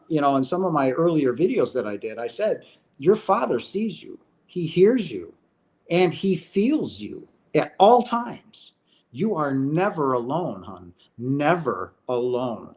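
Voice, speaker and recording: A middle-aged man with a somewhat high voice hosts a question-and-answer session in a casual spiritual talk. He speaks earnestly and emphatically, often tagging his points with "right?". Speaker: host answering viewer questions.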